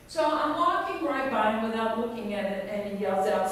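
An older woman speaks earnestly and conversationally as she tells a personal story, her voice at a middling pitch. She sounds as if she is heard from a distance, with strong hall reverb and faint noise underneath. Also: brisk, hardly any pauses. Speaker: priest giving a talk.

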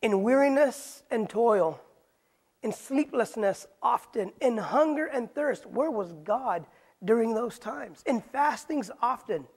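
Male pastor, Bible study sermon, husky, breathy, casual slang, rhetorical questions. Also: very high voice, lively intonation, slow pace.

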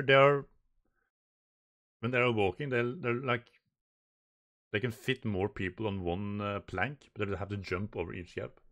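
A man's voice: on the low side, a bit bright. A man hosting a manga reaction, reading the dialogue aloud and commenting, often stumbling and repeating words as he reads. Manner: reads the dialogue aloud in lightly raised voices.

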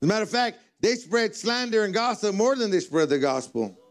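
A pastor with a high-sitting, sing-song voice speaks a little fast during a church service. He preaches in a conversational way and works funny stories into the sermon.

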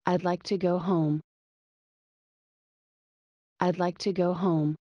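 A woman reading short English phrases twice each for learners, careful and even. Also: lowish voice, takes it slowly, no echo, dull audio. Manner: careful, evenly paced reading aloud.

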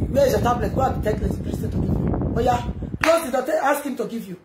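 A woman's voice: sits high, quick pace. Rambling Nigerian woman ranting on a live video. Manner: loud, rambling, mixing Pidgin and local languages. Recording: echoey room with background noise.

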